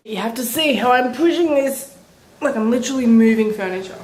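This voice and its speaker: A woman in her twenties chatting casually to her camera at home, telling a story with lively, bubbly energy. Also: a little fast. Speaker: vlogger. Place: indoors at home, a small room. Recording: echoey room with faint rumble.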